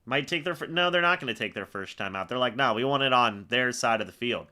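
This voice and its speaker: A young man hosting a live fan reaction stream, calling the plays as he watches and getting excitable on big moments. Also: medium pitch, quick pace. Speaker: fan livestream host.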